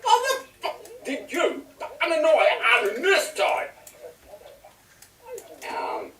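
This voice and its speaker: A man putting on the voice of an excitable middle-aged male football manager, with wild pitch swings and drawn-out words. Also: heavily acted. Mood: rambling. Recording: roomy echo, mic at a distance.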